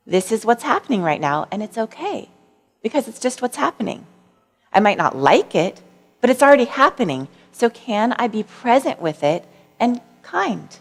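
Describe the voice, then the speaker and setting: Woman giving a talk on mindfulness, soft and warm, laughs a bit, big echoey hall. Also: fairly high pitch, big pitch swings, normal speed. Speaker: speaker. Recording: long hall reverb.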